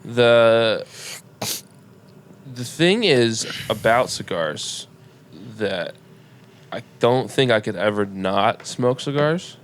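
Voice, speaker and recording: A young man co-hosts a laid-back podcast in a voice of ordinary pitch. He rambles loosely from thought to thought and drops the odd casual swear word. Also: lively intonation, slow, long pauses. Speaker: podcast co-host. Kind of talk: casual chat.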